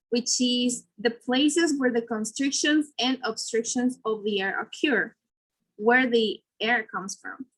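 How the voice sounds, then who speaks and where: A woman's voice: a little high, fairly bright tone, low-quality recording. A woman presenting a lesson, explaining step by step with fillers and self-corrections. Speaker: student presenter.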